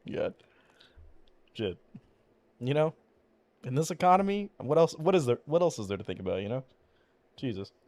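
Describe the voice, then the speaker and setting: A man's voice: medium pitch, lively intonation, normal speed, long pauses, darkish tone, no echo. A man streaming a video game, chatting casually and rambling with lots of swearing and fillers, his voice cracking now and then. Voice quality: occasional voice cracks. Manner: mumbles. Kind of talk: casual gameplay commentary.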